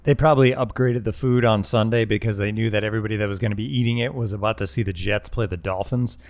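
A man's voice: lowish voice, steady tone, fast, darkish tone. Easygoing male podcast host. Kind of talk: casual podcast chat and sign-off.

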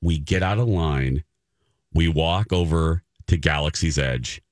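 A man's voice: a bass voice, unhurried, no echo, studio quality. A man hosting a morning radio show, telling a story animatedly and acting out the voices of the people in it. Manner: lively, acts out voices in his anecdotes. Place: radio studio. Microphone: studio microphone.

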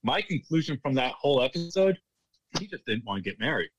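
A man's voice: mid-range voice, sing-song, brisk, breathy edge, no echo, poor audio. A man working as a bartender, telling stories casually in an interview, laughing often and restarting his sentences. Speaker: guest, former casino bartender.

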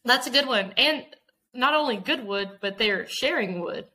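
A woman co-hosting a podcast, upbeat and excitable as she chats about baseball. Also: on the high side, normal speed, rough recording. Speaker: podcast co-host. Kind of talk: casual sports chat.

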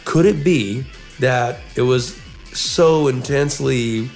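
A man's voice: medium pitch, slow pace, a little mellow, soft background music. A man co-hosting a casual podcast, telling a long story and often repeating words as he goes. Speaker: podcast co-host.

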